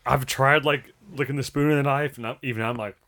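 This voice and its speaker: A man's voice: mid-range voice, steady tone, fairly quick, fairly bright tone. A man co-hosting a podcast, laughing often and chiming in with short sarcastic replies. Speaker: podcast co-host. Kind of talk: casual chat.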